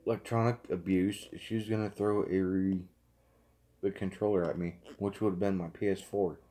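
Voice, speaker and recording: A man's voice: sits low, little pitch movement, normal speed, dark tone. A man hosting a casual livestream, chatting with viewers in a playful, teasing way. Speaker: livestream host.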